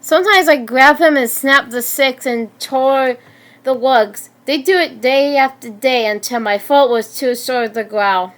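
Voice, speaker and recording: A woman in her twenties reading her own story aloud in a halting way, often stumbling and restarting words. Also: high-pitched, fairly bright tone. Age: 20s. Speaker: story narrator.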